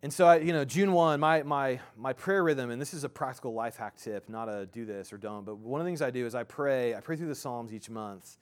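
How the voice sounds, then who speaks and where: A man's voice: medium pitch, brisk, hardly any pauses. A pastor in his thirties delivers a sermon in a loose, conversational way. He stumbles and restarts often, leaning on fillers as he works through his thoughts aloud. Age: 30s.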